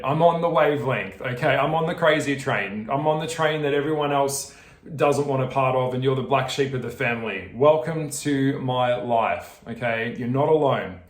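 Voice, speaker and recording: A man's voice: medium pitch, moderate pace. Ranting Australian man, echoey room. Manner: swearing, ranting, laughing, addresses viewers directly. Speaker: video creator. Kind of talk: casual vlog chat.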